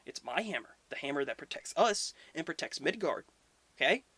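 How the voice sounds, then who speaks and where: A man's voice: fairly high pitch, big pitch swings, moderate pace, pushed and bright, husky, no room sound, exaggerated voice. A man voicing an angry male thunder god who talks bluntly and swears.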